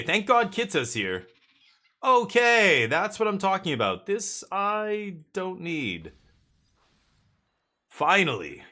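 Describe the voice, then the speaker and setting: A man streaming a card game live, chatting excitedly and joking with his chat as he plays. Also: fairly high pitch.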